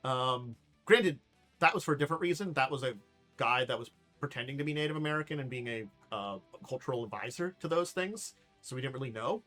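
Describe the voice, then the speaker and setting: A man's voice: medium pitch, expressive, a little fast, pushed and bright, soft background music. A man hosting a casual tabletop podcast, rambling and self-deprecating, laughing at his own jokes. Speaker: podcast host. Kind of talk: casual chat.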